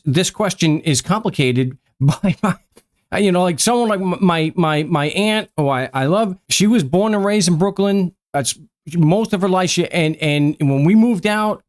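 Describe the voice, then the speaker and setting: A man's voice: on the high side, normal speed. A middle-aged man from Long Island with a strong Long Island New York accent, chatting to camera and often stumbling over and repeating his words. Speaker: genealogy video host. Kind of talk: casual chat to camera.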